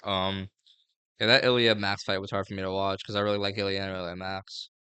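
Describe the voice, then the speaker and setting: A man's voice: low-pitched, flat delivery, fast, pushed and bright, smooth, no echo. A man giving a casual, rambling fight breakdown, full of fillers and slang. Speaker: MMA fight previewer.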